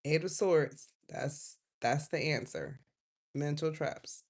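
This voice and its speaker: A woman giving a casual live tarot reading, chatty and loose, drifting from quiet asides to loud outbursts. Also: deep voice, takes it slowly. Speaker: tarot reader.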